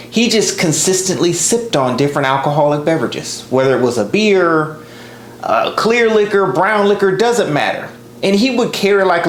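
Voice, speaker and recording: A man in his thirties telling a personal story as a podcast host, relaxed and conversational with lively asides. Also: sits high, slight background noise. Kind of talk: casual storytelling. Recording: roomy echo.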